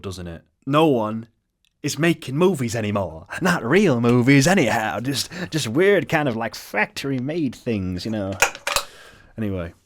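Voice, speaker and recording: A young man ranting in a sweary, hyperbolic, self-mocking video essay. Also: mid-range voice.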